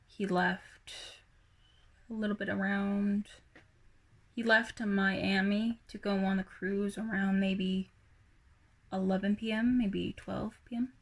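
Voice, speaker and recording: A young woman rambling through a casual personal vlog, hesitant, with many fillers and sighs. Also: medium pitch. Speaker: vlogger.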